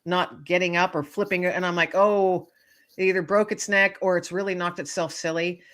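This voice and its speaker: A woman author, a guest on an interview show, telling animated stories with plenty of laughter and acted-out voices. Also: lowish voice, fairly quick. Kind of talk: casual storytelling interview.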